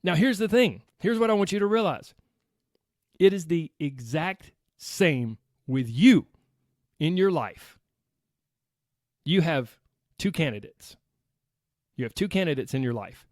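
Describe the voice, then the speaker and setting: Here a Southern American man from the United States hosts his solo podcast, cheerful and chatty as he addresses listeners directly. His slightly high, a little mellow voice has lively intonation and an unhurried pace with long pauses, captured studio quality with no echo.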